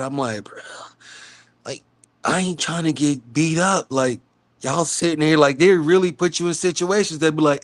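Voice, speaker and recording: Animated man from the South Bronx. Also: a little high, normal speed. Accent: New York. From South Bronx, New York. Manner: animated, acts out quoted street talk. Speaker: live stream host. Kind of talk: casual storytelling chat.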